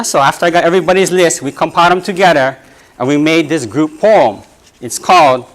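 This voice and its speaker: A man's voice: a little high, a bit bright. A man with a Hawaiian Pidgin accent, speaking on stage as a poet in casual, jokey talk. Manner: chatty, jokey, laughing. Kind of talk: casual talk and poetry reading. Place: stage before an audience.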